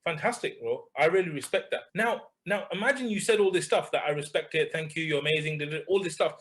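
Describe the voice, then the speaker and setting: Fairly high-voiced man coaching, direct and questioning. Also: fast, a bit bright. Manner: direct, questioning, calls listener bro. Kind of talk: coaching conversation.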